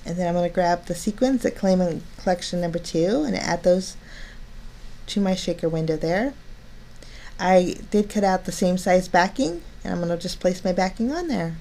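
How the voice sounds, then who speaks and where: A woman's voice: lowish voice, normal speed, warm tone. A cheerful, chatty woman talking through each step of a card-making craft tutorial. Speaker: crafting channel host.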